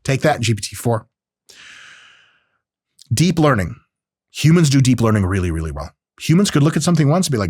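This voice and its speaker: Brief: male podcast host in his thirties, lively swooping delivery, close dry mic. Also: medium pitch, fairly quick, long pauses, slightly rough, dry recording. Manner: animated, acts out quoted voices, profane asides. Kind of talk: casual monologue on technology.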